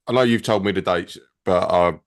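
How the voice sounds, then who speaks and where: A man chats casually as a guest, his voice sitting fairly low. He speaks in a relaxed way with dry, teasing comebacks. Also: normal speed. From Essex, England. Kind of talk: casual chat.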